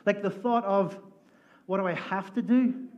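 A male pastor with a fairly high voice preaches a lively sermon. He tells stories with humor and slips into voices for the people in them. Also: measured pace. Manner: animated, jokey, acts out voices in his stories. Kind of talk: sermon with storytelling. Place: church sanctuary.

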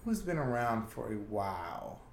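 A man co-hosting a podcast in casual banter, swearing freely, laughing often and telling stories with animated quoted voices. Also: on the low side, a little slow, vocal fry, slight background noise. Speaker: podcast co-host. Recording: echoey room.

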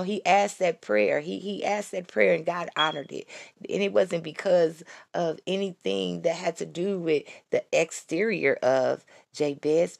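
Fervent low-voiced woman, gravelly. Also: no echo, clean studio sound. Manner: fervent, repeats phrases, keeps calling out y'all. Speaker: vlogger giving a faith testimony. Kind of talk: casual spoken testimony, preachy.

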